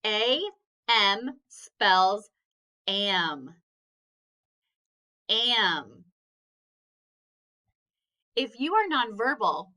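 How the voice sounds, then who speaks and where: Slow, bright-voiced phonics teacher woman. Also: on the high side. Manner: patient, encouraging, sounds out each letter. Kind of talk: slow phonics lesson for children.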